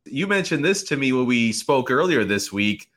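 Bright, lively male interviewer. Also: medium pitch, moderate pace. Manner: laughs often, teasing questions. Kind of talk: casual interview.

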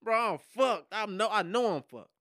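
A man, a podcast guest and hip hop producer, telling a story in casual, profane slang and acting out loud shouted quotes. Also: high voice, expressive, normal speed, no echo, clean studio sound. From Detroit.

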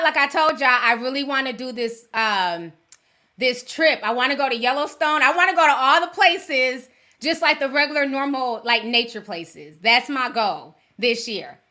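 A woman's voice: on the high side, sharp tone. A middle-aged woman hosting a casual livestream, chatting with viewers in a slangy way and laughing often. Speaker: livestream host. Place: home in Minnesota.

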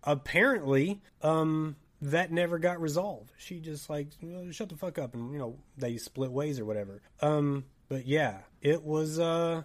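A young man with a Tennessee drawl talks through a story for a podcast, his voice sitting a bit high for a man. He's animated and chatty, laughing and acting out bits of dialogue as he goes. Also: a little slow, few pauses. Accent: Southern US, Tennessee. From Tennessee, USA. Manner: animated, laughing, swears, acts out quoted dialogue. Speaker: podcast co-host. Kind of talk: casual storytelling chat.

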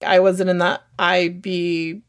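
A woman co-hosting a podcast, telling stories in a lively, frank way and swearing now and then. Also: on the low side, takes it slowly. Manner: animated storytelling with frank swearing. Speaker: podcast co-host. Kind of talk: casual chat.

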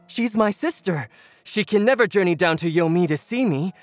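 A scheming young storm god, put on by a woman in an audio drama. He speaks with sly, mock politeness and a lively, swinging voice. Soft music plays underneath. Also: fairly low pitch, normal speed, dry recording, close to an everyday voice. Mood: pleading.

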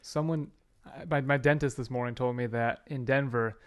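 A man's voice: medium pitch, fairly even intonation, moderate pace. A man co-hosting a casual podcast, playful and chatty. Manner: playful, goofing with his co-host. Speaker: podcast co-host. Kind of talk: casual chat.

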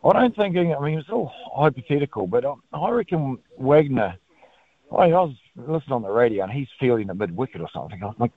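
A New Zealand man calls a sports radio show over a tinny phone line. His pitch jumps around a lot as he rambles on in an excitable, slangy way. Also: quick pace, no echo. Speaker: caller. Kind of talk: phone-in chat.

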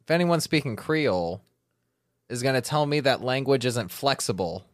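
A man trades deadpan jokes and puns in a casual chat, his pitch rising and falling in lively swings. The recording is close and dry, with no room around it. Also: normal speed, no echo. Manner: deadpan, joking.

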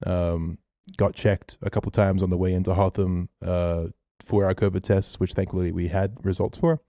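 A man co-hosting a podcast, telling a story in a casual, animated way, swearing freely. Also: low voice, moderate pace, no echo, clean studio sound. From Australia. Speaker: podcast co-host.

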